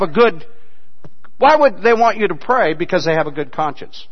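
A man preaching a sermon as pastor, dropping to quiet asides and rising to loud, emphatic passages. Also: high voice, expressive, a little fast, long reverb tail, highs cut off.

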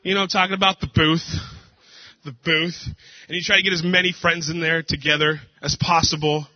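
A male pastor preaching a casual sermon, telling jokes and stories with a relaxed, conversational manner. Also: fairly high pitch, moderate pace, dry recording. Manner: casual, joking storyteller. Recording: dull dry lo-fi.

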